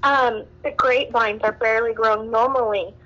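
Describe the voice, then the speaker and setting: A woman's voice: on the high side, fairly even intonation, normal speed, a bit bright, lo-fi sound. A woman from Southern California calling in to a radio talk show, upset and rambling with many fillers and restarts. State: distressed. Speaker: caller.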